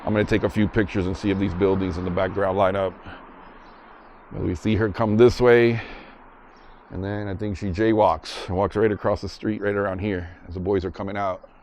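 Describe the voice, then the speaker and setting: Laid-back low-voiced man vlogging outdoors. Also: fairly quick. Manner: relaxed, chatty, retells scenes as he walks. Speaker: vlogger visiting filming locations. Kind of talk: casual walk-and-talk vlog narration. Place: outdoors in a parking lot and ballpark. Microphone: handheld camera.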